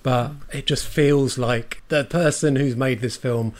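A man's voice: mid-range voice, steady tone, measured pace, darkish tone. A man hosting a casual, sweary film chat and leading the discussion. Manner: chatty, swears freely, leads the discussion. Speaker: podcast host.

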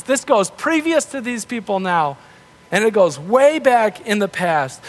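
A man preaching a sermon in a relaxed, conversational way, acting out the voices of the people in the story. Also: sits high, measured pace. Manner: conversational, animated, acts out grumbling voices. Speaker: pastor. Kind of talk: casual sermon.

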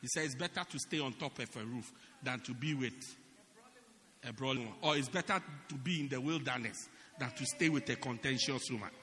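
A man preaching a humorous sermon, acting out stories and shouting the punchlines. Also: mid-range voice, brisk, long reverb tail. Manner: animated storytelling, laughing and shouting punchlines. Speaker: pastor.

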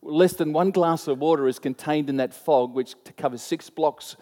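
A man preaching in a high, lively voice, laughing at his own story as he goes. His words ring with a long reverb, as if spoken in a large hall. He tells it in an animated storyteller's way. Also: normal speed. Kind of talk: sermon with personal story.

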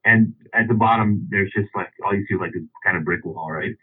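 Low, husky man telling a rambling story, on a tinny phone line. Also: a little fast. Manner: rambling, with many restarts and chuckles. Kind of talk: casual anecdote.

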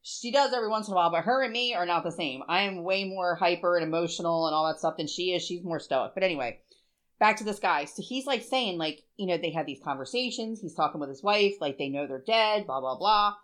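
A woman's voice: lowish voice, fairly quick, a bit bright. A woman in her forties, co-hosting a podcast and telling a story in a chatty, emotional way, with plenty of swearing. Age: 40s. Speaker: podcast co-host. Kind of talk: casual chat.

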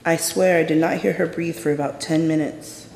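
A man performs a dramatic first-person story on stage, measured and intense, with deliberate pauses. His voice sits a little high with a gravelly edge. It rings through a large, reverberant theater. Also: steady tone, a little mellow, slight background noise. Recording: echoey hall with long reverb.

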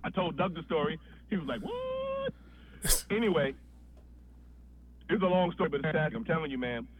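A man's voice: on the high side, fairly quick, highs cut off, noisy background. A man, a podcast guest, telling a long story in a loose, profane way, often restarting his sentences. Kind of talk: casual storytelling.

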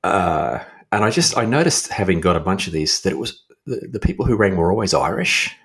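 A middle-aged Australian man with a very deep, husky voice chats as a guest author. He tells stories animatedly, and his pitch swings widely whenever he acts out the people in them. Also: a little fast. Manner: animated anecdote-telling, laughs often, lively swings into high quoted voices. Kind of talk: casual chat, storytelling.

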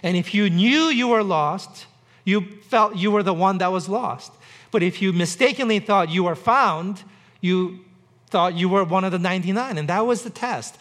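At a moderate pace, a pastor with a high, slightly bright voice preaches conversationally in a church on Mercer Island. Dry jokes and repetition run through his sermon.

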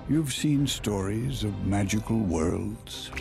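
A male narrator giving a slow, dramatic film trailer voice-over. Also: on the low side, creaky. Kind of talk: epic movie trailer voice-over. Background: trailer music.

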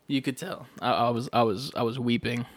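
Man, casual chat, blunt and low-key, frequent swearing. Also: fairly quick.

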